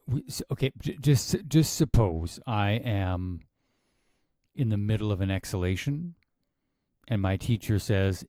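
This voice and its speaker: A man with a low, mellow voice talks casually about teaching yoga. He muses aloud with restarts and questioning asides. The sound is dry and close. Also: expressive, a little slow, no echo. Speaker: yoga teacher reviewing a class. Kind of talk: casual commentary.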